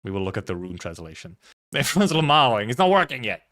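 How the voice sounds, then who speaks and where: A man's voice: mid-range voice, big pitch swings, fast, fairly bright tone. A man from Finland, streaming and chatting casually, rambling, laughing often and swearing freely. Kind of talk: casual livestream commentary.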